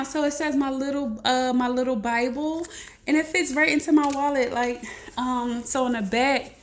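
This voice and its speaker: A woman talks straight to her viewers in a loose, rambling vlog. Her voice sits a little high, and she comes across as emotional and earnest as she shares her testimony. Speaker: vlogger sharing a testimony. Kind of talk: casual heartfelt chat to camera.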